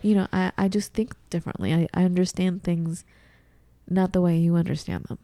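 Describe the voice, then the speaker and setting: A woman co-hosting a casual chat, animated, often acting out her own confused reactions in a high voice. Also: a little fast, dry recording, clean studio sound. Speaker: podcast co-host.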